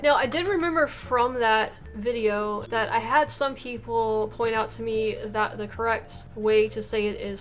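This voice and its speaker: An American woman hosting a reaction video, chatting casually to her viewers in a rambling, self-correcting, playful way. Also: on the high side. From United States. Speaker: YouTube reaction host. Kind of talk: casual chat to camera.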